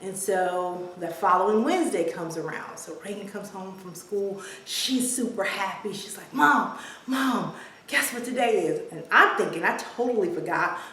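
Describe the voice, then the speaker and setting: A woman's voice: medium pitch, moderate pace, hardly any pauses, sharp tone, a little hiss or hum. A woman in her forties telling a family story to her vlog audience in a chatty way, with filler words. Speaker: vlogger. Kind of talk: casual storytelling to camera. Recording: very echoey room, distant mic.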